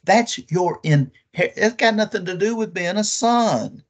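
A man preaching a sermon with emphatic, drawn-out phrases and rhetorical questions to his listeners. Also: high voice, animated.

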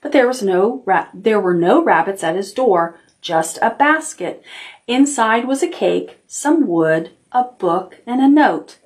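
A children's librarian reading a picture book aloud to preschoolers, gentle and expressive, pausing to comment to the children. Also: female voice, medium pitch.

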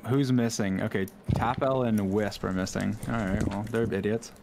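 A man's voice: fairly low pitch, fairly even intonation, normal speed, gravelly, noisy background. A man chatting with his team over a voice call while gaming, wry and dry in his remarks. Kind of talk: casual chat over voice call.

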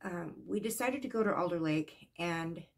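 Earnest, emotional woman, lowish voice. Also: lively intonation, creaky. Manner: earnest, emotional, halting with restarts. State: shaken, voice trembling at times. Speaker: psychic vlogger. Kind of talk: casual personal account.

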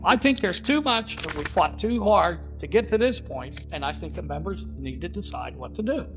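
Blunt, sardonic union leader. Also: male voice, sits high, animated, normal speed, music in the background. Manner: blunt, sardonic, swears freely. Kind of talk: storytelling in a documentary.

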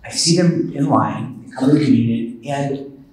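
Priest telling a story in an echoey hall. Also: male voice, medium pitch, measured pace, a little mellow, recorded from a distance. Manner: conversational, self-deprecating, with asides. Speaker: priest giving a retreat talk. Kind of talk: storytelling sermon.

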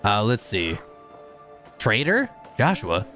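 A man chatting loosely with his livestream audience as he plays, his pitch bouncing around in a lively way. He bursts into loud shouts during fights, and faint game music sits underneath his voice. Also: slow pace. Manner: animated, shouts during fights, chats with viewers. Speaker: streamer. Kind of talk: casual gameplay livestream chat.

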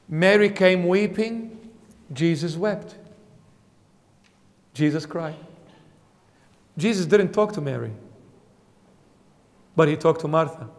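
A man preaching a sermon in a church, emphatic, swinging between fervent outbursts and quiet low passages. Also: long reverb tail. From Australia. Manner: emphatic, rising to fervent peaks then dropping low. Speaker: bishop preaching.

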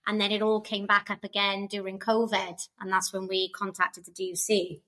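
A woman's voice: medium pitch, little pitch movement, moderate pace, sharp tone, poor audio. A Welsh woman from Wales, a podcast guest chatting casually about her move abroad over a video call. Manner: chatty, laughs while telling stories. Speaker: guest, migrant to Australia. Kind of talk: casual interview chat.

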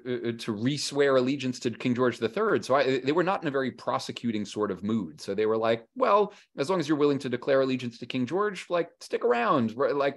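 Guy chatting about history, middle pitch, does little voices for who he's quoting, lots of um and restarts. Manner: animated storytelling, acting out quoted historical figures in casual voice; frequent fillers and restarts. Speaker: historian and author guest. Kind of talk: conversational interview.

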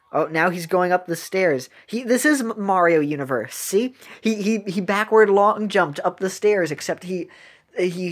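Lady reacting to ads, kinda low voice, rambles and trips over words, gets all worked up. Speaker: video commentator. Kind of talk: casual reaction commentary.

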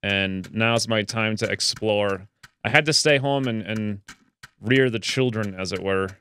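A man chatting casually while playing a video game, excitable and chatty, his voice jumping up high when something delights him, with a slightly stuffy nose. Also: unhurried, smooth. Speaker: let's play gamer. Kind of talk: casual gameplay commentary.

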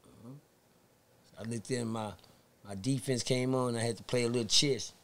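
With a mid-range voice at normal speed, a podcast guest from Texas spins a story in casual, foul-mouthed talk. He's animated and imitates the voices of the people involved.

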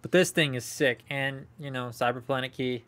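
A man's voice: medium pitch, fairly even intonation, normal speed, a bit bright, a little hiss or hum. A young man chatting casually as he unboxes toys on a live stream, rambling and talking to viewers. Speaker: toy collector streaming a haul unboxing.

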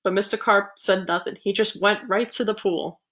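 A woman librarian reads a picture book aloud at a middling pitch. She is animated and breaks in with playful asides between pages. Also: moderate pace. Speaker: children's librarian. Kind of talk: storybook read-aloud.

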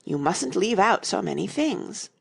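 A woman reading the part of an anxious, muddled elderly queen in a fairy-tale audiobook, talking softly and vaguely. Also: medium pitch, big pitch swings, a little slow, pitched above the performer's own voice, heavily acted. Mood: fretful. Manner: fretful, wandering, breathy and soft.

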